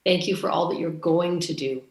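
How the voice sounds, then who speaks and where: A woman's voice: on the low side, fairly even intonation, normal speed, a little mellow, echoey room. A woman from Canada giving a conference speech, telling a story and acting out the dialogue. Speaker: conference speaker.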